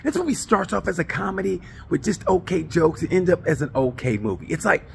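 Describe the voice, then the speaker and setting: A man hosting a short comedic movie review, telling the story in an animated way and acting out the voices. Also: fairly high pitch, fairly quick, vocal fry, a little hiss or hum.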